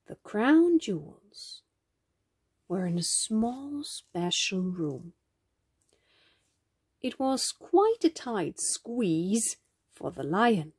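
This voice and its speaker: A woman reads a children's picture book aloud, unhurried and gentle. Her husky voice moves expressively up and down in pitch. The sound is dry and close. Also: very animated, no room sound. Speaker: storybook reader.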